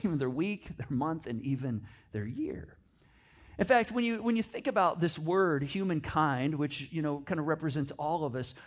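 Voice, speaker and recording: A middle-aged man with a high voice, preaching as if chatting with friends. He wanders through fillers and restarts, then sinks low and quiet for the reflective points. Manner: conversational storytelling with many fillers and restarts. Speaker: pastor. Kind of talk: sermon told as a personal story. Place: church stage.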